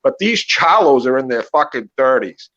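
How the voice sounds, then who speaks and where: A man's voice: medium pitch, moderate pace. A man in casual chat on a podcast, rambling and swearing freely as he talks. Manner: rambling, profane, animated. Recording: muffled lo-fi audio.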